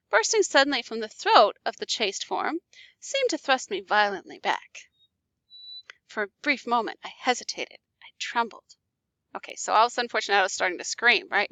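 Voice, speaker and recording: Animated woman reading a story aloud. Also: fairly high pitch, no echo. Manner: animated, casual asides checking in with listeners. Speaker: teacher.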